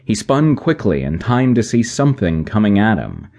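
A man narrating an action sci-fi audiobook in a measured, even way. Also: lowish voice. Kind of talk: scripted narration.

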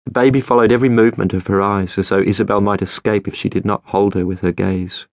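A man narrating a novel as an audiobook, in a measured, steady storytelling manner. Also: on the low side, gravelly, no room sound. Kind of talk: scripted narration.

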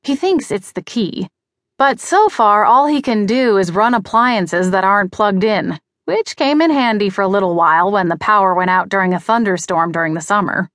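A woman's voice: mid-range voice, animated, moderate pace, a bit bright, no room sound, clean studio sound. A woman reading a mystery audiobook in first person, with a wry, conversational delivery. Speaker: audiobook narrator. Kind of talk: first-person scripted narration.

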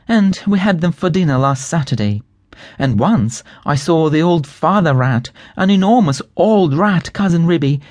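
A man's voice: a little high, a little mellow, no room sound. A man voicing an anxious, fretful mother cat in a storybook reading, tearful as she talks. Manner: tearful and fretting.

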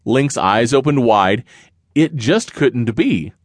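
Man, children's book narrator, rhyming sing-song delivery, slow unhurried pace, lively pitch, dry close mic. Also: dry recording. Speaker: audiobook narrator.

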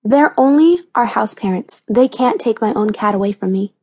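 A woman's voice: a little high, expressive, moderate pace, a little mellow, breathy edge. A woman reading an audiobook, voicing an impatient girl trying to seem older, with a huffy edge.

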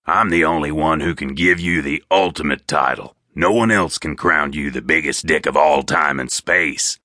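A man voicing a gruff, foul-mouthed, arrogant adult man in an audiobook, in a low, scornful voice. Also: moderate pace, bright, forceful tone, no echo, clean studio sound.

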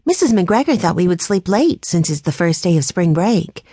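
A woman's voice: lowish voice, sing-song, moderate pace, warm tone, slightly rough, no echo. A woman narrator voicing a practical, organizing older sister in a children's audiobook.

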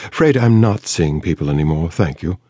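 A man's voice: low voice, expressive, a little fast, warm tone, breathy edge, no room sound, studio quality. A man voicing a brusque, upper-class English woman with a posh London accent in an audiobook, clipped and dismissive. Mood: cool, dismissive. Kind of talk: audiobook character voice.

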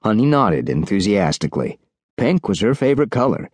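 A man narrating a children's audiobook in an animated storytelling manner. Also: on the low side, brisk, breathy edge, no echo, studio quality. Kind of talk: scripted narration.

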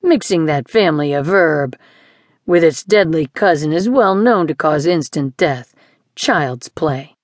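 A gruff, grumbling male mixer, read by a woman in an audiobook, curt and short with his words. The voice sits low and is recorded close and dry. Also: animated, unhurried, dry recording.

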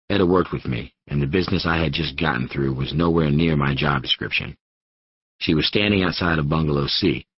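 Very deep, husky male audiobook narrator. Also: no room sound, highs cut off. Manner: steady first-person storytelling. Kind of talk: scripted narration.

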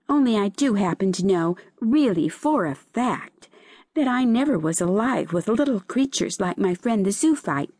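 A teasing, chatty storybook seaweed, as a woman reader puts it on, talks high and lilting with wide swings of pitch. It sounds close and dry with no room around it. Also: darkish tone, no room sound. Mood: apologetic. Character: chatty, mocking seaweed, quick to laugh.

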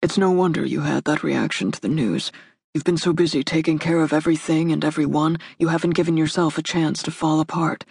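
A woman's voice: steady tone, a little slow, creaky, few pauses, breathy edge, dry recording, heavily acted. A woman voicing a stern, protective young man who speaks curtly and firmly in an audiobook. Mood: soothing. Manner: curt, firm, low-voiced. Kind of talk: audiobook character voice. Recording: dry close studio recording.

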